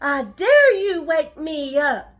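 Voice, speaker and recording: A woman's voice: extremely high pitch, animated, slow pace, exaggerated voice. An older woman voicing a mighty, grumpy male lion who roars and boasts in a bedtime story. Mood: angry roaring. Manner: roaring, boastful, scornful.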